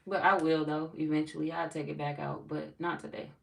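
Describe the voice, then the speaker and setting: A woman's voice: sits low, little pitch movement, a little fast, creaky, recorded from a distance. A woman reading tarot on a livestream, chatting loosely with viewers, reading their comments aloud and laughing often. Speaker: tarot reader greeting live chat. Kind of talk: casual livestream chat.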